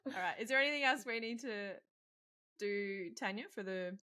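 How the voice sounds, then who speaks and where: A woman co-hosting a casual podcast, bubbly and quick to exclaim. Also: mid-range voice, sharp tone, smooth. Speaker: podcast co-host. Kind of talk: casual chat.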